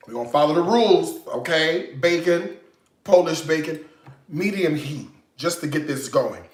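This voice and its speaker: A man's voice: fairly high pitch, normal speed, echoey room. A man hosting a home cooking demo, chatty and playful, with teasing jokes between steps. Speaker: cooking show host. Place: home kitchen.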